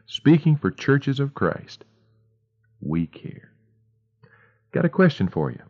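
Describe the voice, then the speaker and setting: A man hosting a devotional radio program, telling a story dramatically with slow, hushed pauses. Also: mid-range voice, very animated. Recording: dull lo-fi radio recording.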